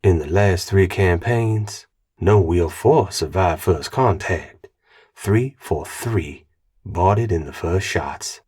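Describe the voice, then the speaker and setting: A man voicing a teasing veteran male soldier who speaks slowly and dryly. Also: low-pitched, darkish tone, husky, full character voice.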